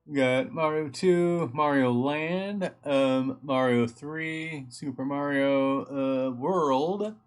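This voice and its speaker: A man's voice: mid-range voice, takes it slowly, hardly any pauses, smooth, soft background music. A man hosting a live stream at home, chatting casually and thinking aloud as he reads, easily getting sidetracked.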